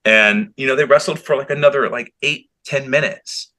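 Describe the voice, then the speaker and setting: A man recaps a wrestling match with loose, animated energy, swearing freely and slipping into quick impressions. His tone is bright and forceful and sits at an ordinary pitch for a man. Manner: animated, heavy swearing, acts out quotes. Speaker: podcast co-host. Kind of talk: casual wrestling chat.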